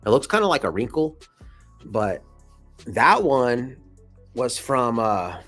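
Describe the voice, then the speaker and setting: A man in his thirties tells a story from his past in loose, slangy talk, swearing freely and laughing now and then. His voice is a little husky and sits at an ordinary middle pitch. Faint music plays underneath. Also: slow. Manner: slangy, swears often, laughs between lines, lively retelling. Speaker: vlogger. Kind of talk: casual storytelling.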